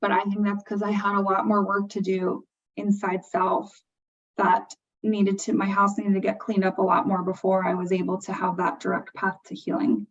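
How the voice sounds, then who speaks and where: A woman's voice: mid-range voice, completely flat delivery, normal speed. A woman hosting a podcast, speaking in a reflective, earnest conversational way. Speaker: podcast host. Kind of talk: conversational interview. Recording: distant, muffled lo-fi audio.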